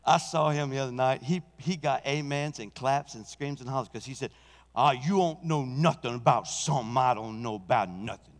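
A man doing an impression of a famous preacher with a deep, drawn-out pulpit drawl, in a reverberant hall. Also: close to an everyday voice. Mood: mock-grand. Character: booming celebrated preacher, drawling and slow. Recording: long church hall reverb.

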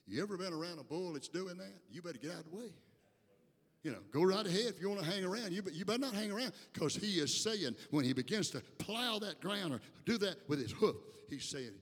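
A man preaching a sermon in a church, folksy and talking straight to the congregation, swinging from hushed asides to loud shouts. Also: medium pitch, breathy edge, long reverb tail. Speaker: pastor. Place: church sanctuary.

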